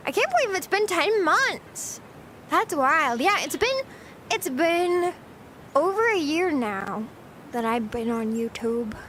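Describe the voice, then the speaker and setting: A woman's voice: sits high, big pitch swings, slow pace, fairly bright tone, slight background noise. A young American woman chatting casually on a live stream, giggly and bubbly, reading and answering chat. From United States. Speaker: VTuber streamer.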